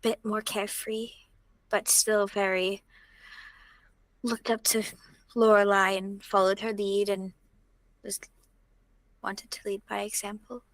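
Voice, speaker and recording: A woman playing her character in a tabletop game, speaking quietly and haltingly with pauses. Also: medium pitch, level tone, no room sound, rough recording. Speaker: player.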